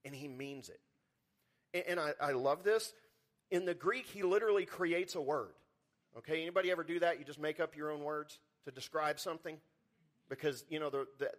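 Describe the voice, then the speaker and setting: Male pastor, sermon delivery, slightly high voice, lively swings from loud to hushed, repeats words at starts. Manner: animated preaching, swings from loud emphasis to quiet low lines.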